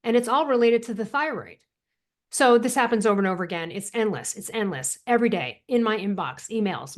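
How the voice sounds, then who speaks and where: A woman guest on a podcast interview, talking in an animated, emphatic way and laughing often. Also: mid-range voice, a little fast. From United States. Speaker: author and thyroid coach, guest.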